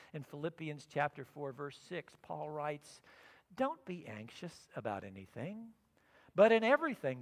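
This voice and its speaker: A middle-aged pastor preaches to his congregation, his voice high and swinging widely in pitch as he acts out his own thoughts in a personal story. He moves from loud and emphatic to soft and quiet. A long reverb from the church sanctuary hangs on his words. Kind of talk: sermon.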